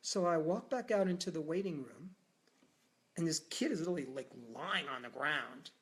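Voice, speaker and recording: A man hosting a live talk, telling a personal story in a lively way and acting out the dialogue. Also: a little high, moderate pace. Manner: animated, acts out quoted dialogue. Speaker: host.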